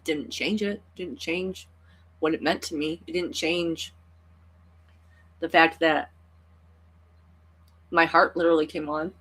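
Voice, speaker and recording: A woman's voice: sits low, fairly even intonation, slow, pauses often, a bit bright, husky. A woman tarot reader talking through a personal story in a rambling, earnest way, full of "like" and "you know.". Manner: earnest and emotional. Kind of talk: reflective personal vlog.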